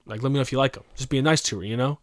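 A young man talks fast and loose as a podcast host, swearing freely and rambling through stories. His voice sits at an ordinary pitch and is recorded close and dry, with no room sound. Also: no room sound. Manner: fast, profane, rambling storyteller. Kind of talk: casual podcast banter.

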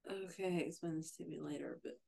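A podcast co-host in a casual book discussion who throws in quick corrections. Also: mid-range voice, gravelly, a crowd in the background.

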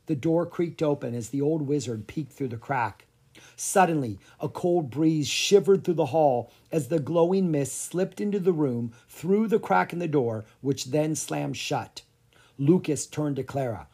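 A storybook narrator reading a children's chapter book aloud in a slow, deliberate, hushed way. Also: medium pitch, expressive, breathy edge.

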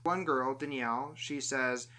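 A man casually recapping a movie on a podcast, animated and acting out the characters' lines. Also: mid-range voice, unhurried. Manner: animated storyteller, acts out quotes. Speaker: podcast host.

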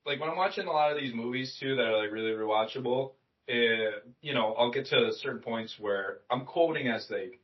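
Chill young dude on a movie podcast, mid pitch, sounds far from a muffled mic. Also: male voice, brisk. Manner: laid-back, swears freely, trails off with fillers. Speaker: podcast co-host. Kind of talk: casual movie discussion podcast. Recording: distant mic, dull lo-fi sound.

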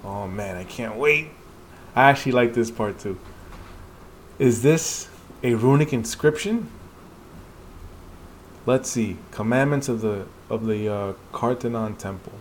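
A man hosting a casual read-along, excitedly reacting to a comic he loves. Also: medium pitch, a little slow, long pauses, slight background noise. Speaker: podcast host reading a comic aloud.

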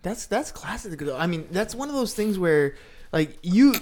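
Casual chat partner, quick agreeing interjections, lively pitch. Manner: interjecting listener with short agreeing replies.

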